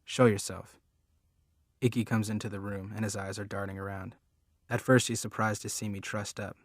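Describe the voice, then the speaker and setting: A man narrating an audiobook in a plain, measured storytelling manner. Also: on the low side, little pitch movement, no room sound, clean studio sound. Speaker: audiobook reader. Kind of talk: scripted narration.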